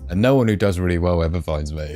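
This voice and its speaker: A man's voice: low voice, a little mellow, dry recording. A middle-aged British man hosting a live stream, reading viewer comments aloud in a jokey, chatty way and laughing often. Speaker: livestream host.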